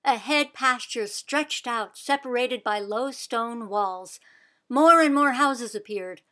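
Lady reading a picture book out loud, slow expressive storytelling, bright highish voice. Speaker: children's book reader. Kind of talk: read-aloud storybook narration.

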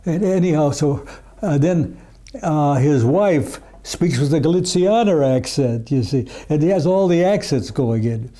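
An older man, an archivist of Yiddish culture, talking in a rambling, halting way with many fillers in a casual interview. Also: a little high, warm tone. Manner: sings Yiddish folk songs unaccompanied.

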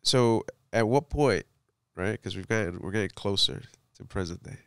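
Brief: male podcast host, very deep and gravelly, smooth resonant voice, relaxed and affirming. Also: normal speed, no room sound. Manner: laid-back, affirming, slangy. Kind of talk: casual interview chat.

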